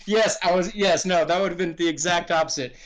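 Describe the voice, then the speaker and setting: A man's voice: high-pitched, fairly quick. Chuckling, rambling middle-aged man. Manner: rambling, chuckling storyteller who restarts sentences. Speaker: guest game designer. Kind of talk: casual podcast conversation.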